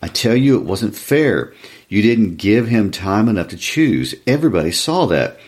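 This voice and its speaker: A man voicing a middle-aged village wife in a shrill, insistent protest, as part of a story reading. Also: huge pitch swings, fairly quick, gravelly, a little mellow, husky, full character voice. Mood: desperate.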